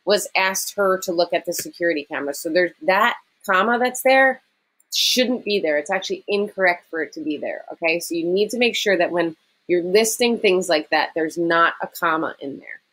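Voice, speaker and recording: A woman's voice: fairly low pitch, expressive, normal speed, fairly bright tone, low-quality recording. A woman teacher giving a recorded writing lesson to her students, explaining step by step in a conversational way with frequent "okay" and "um".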